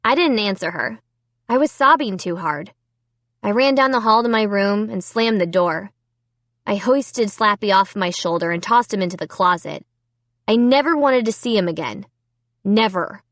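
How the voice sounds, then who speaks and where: Woman reading a storybook, lively up and down voice, dry close sound. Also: medium pitch, dry recording. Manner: expressive first-person narration. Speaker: audiobook reader. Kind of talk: scripted storybook narration.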